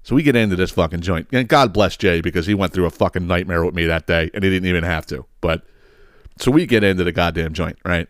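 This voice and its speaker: Low-voiced man ranting fast. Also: no room sound, clean studio sound. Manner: profane, exasperated, rambling with repeated words. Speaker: podcast host. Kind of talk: casual storytelling rant.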